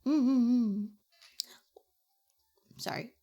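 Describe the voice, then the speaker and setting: A woman's voice: a little high, very slow, mellow. A young woman chatting playfully with her viewers on a live stream, giggling often. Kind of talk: casual live-stream chat.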